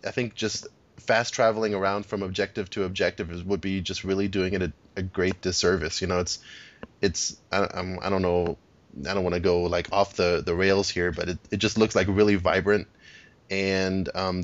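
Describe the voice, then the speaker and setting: Deep-voiced man, rambling podcast chat. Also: dry recording. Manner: rambling, many restarts and fillers. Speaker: podcast co-host. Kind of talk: casual chat about games. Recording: dull lo-fi podcast audio.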